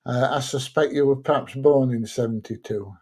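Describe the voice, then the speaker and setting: Laid-back middle-aged host, mellow voice. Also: male voice, mid-range voice, steady tone, normal speed, husky. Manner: chatty, laid-back, thinks aloud with fillers. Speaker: live stream host. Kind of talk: casual chat reading viewer comments.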